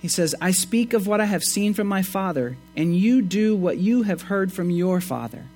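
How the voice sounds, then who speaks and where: A man preaching a sermon, reading scripture and explaining it with emphatic rises and quiet asides. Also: normal speed, soft background music. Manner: expressive, swings between emphatic rises and low asides. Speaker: pastor.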